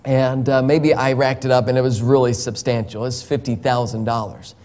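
Guy sharing the gospel one on one, slow and emphatic, chuckles a lot. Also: medium pitch, level tone, a little mellow.

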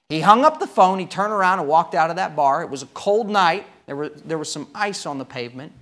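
A man preaching a sermon, telling a story with emphatic swings between loud and quiet. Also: on the high side, fairly quick, few pauses.

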